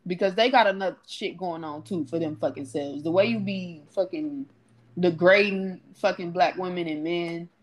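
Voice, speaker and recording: A woman's voice: on the low side, normal speed. A woman co-hosting a casual podcast chat, ranting loosely with constant swearing. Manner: profane, animated ranting. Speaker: podcast co-host.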